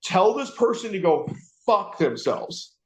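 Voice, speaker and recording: A man's voice: very animated, unhurried. Profane laughing man ranting in a roomy room. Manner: profane, laughing, mimics people in high voices. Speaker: radio show host. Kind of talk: casual ranting chat. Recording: roomy, dull lo-fi sound.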